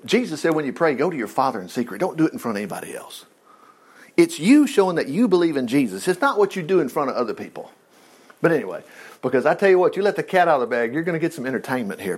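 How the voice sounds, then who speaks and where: Middle-aged guy preaching, high voice that jumps all over, acts out the characters. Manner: animated, acts out lines in character voices, chuckles. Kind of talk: sermon retelling a Bible story.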